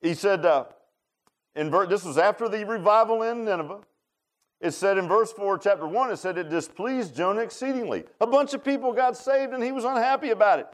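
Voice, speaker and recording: A man preaching a sermon, folksy and animated, swinging from loud emphatic lines to low quiet ones. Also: brisk.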